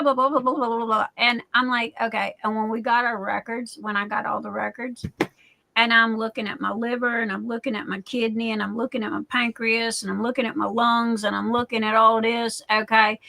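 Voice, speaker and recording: Woman in her forties, livestream host; bright, rather high voice, emphatic chatty delivery. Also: creaky, poor audio. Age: 40s. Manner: emphatic, repeats herself, keeps asking "okay?". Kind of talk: casual live chat.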